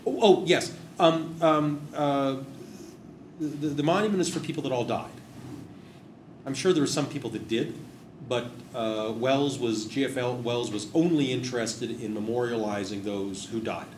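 A man's voice: medium pitch, normal speed, darkish tone. A man casually explaining old stories in a rambling, digressive and wry way. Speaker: host discussing memorial plaques. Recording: roomy echo with background noise.

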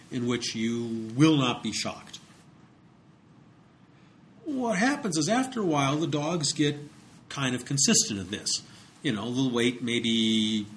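A man's voice: mid-range voice, fairly bright tone, a little hiss or hum. A man lecturing in a conversational way, with frequent fillers and repeated words as he explains. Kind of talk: recorded psychology lecture.

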